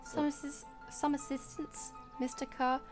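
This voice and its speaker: A woman's voice: high-pitched, little pitch movement, music in the background, voice pushed up. An Australian woman voicing a pompous, cruel old male bird villain in a storybook game, speaking in a theatrical, sneering way. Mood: gloating. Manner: theatrical, sneering, slow and grand.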